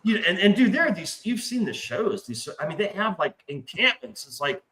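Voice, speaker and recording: A man chats casually, spinning loose, profane stories and slipping into the voices of people he quotes. His voice is bright and forceful, and the roomy echo of a stream call sits around it. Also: high-pitched, moderate pace. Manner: profane, rambling storyteller; animated, acts out quoted voices. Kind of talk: casual chat. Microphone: remote stream call mic.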